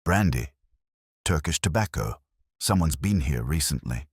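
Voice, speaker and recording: A cool-headed detective , as a man reads him, who lays out his deductions in crisp, clipped phrases. The voice sits extremely deep yet moves lively through its pitch. It sounds dry and close, with no room around it. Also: measured pace, no echo, exaggerated voice. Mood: hushed, precise.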